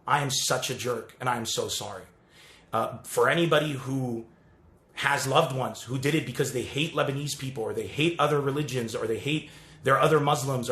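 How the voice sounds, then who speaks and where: A man's voice: mid-range voice, a bit bright. Earnest apologetic man, roomy echo. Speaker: comedian. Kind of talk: casual apology video to followers.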